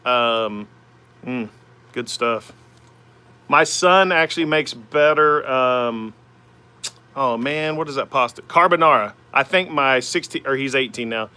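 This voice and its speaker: A woodturning livestream host in his forties, speaking with an Oklahoma accent, answers viewer comments from his home woodworking shop by the lathe. His mid-range voice is bright, forceful, and clean, and his talk is easygoing and rambling, with lots of "man" and "uh."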